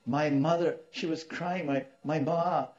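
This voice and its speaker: A man's voice: a little high, fairly even intonation, unhurried, a little mellow, roomy sound, voice pushed up, lightly acted. A man voicing a trembling young male monk who pleads in distress, in a dull lo-fi recording. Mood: distraught.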